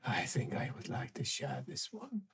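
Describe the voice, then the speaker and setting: A game master voicing an ancient, trapped, secret-keeping creature that whispers low threats and breaks into cruel laughter. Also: big pitch swings, slow, a little mellow. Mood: menacing. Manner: low menacing whispers broken by cackling laughs. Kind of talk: improvised tabletop role-play.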